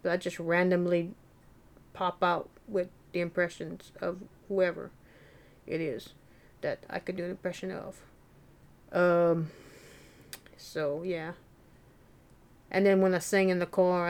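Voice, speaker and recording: A woman hosting a solo podcast, talking in a rambling, self-deprecating, soft-spoken way. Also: fairly low pitch, smooth. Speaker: podcast host. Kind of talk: casual solo podcast monologue.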